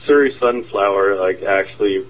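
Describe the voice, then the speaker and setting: A man's voice: lowish voice, moderate pace, phone-quality sound. A man speaking as a guest on a show in laid-back, casual chat.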